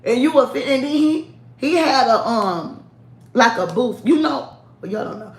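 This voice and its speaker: A woman's voice: high voice, moderate pace. Sassy woman, echoey room. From United States. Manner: sassy, candid, laughs often. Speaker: vlogger. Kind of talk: casual chat to camera.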